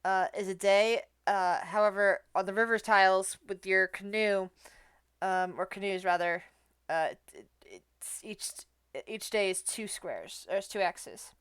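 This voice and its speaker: A woman game master explains the rules and narrates the table's scenes in a smooth, clear voice. She hesitates often and restarts her sentences. The sound is dry and close. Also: mid-range voice, a little slow, no echo. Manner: hesitant, full of fillers and restarts.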